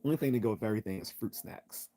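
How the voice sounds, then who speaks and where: A man hosting a casual live-stream Q&A, reading chat messages aloud and answering them in a relaxed way, laughing often and repeating words as he starts, while losing his voice. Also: on the low side, very fast, a little hiss or hum.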